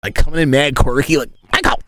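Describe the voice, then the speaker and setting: A man in his thirties rambles through stories on a casual livestream, cursing freely as he goes. His pitch swings widely, and the sound is close and dry with no room echo. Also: moderate pace. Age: 30s. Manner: profane, rambling, animated storytelling. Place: inside a tent.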